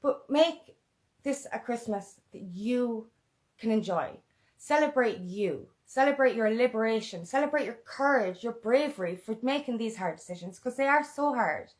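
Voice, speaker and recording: A woman's voice: on the high side, expressive, moderate pace. A woman empowerment coach talking earnestly and emotionally in a motivational vlog, often repeating a mantra. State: emotional, close to tears.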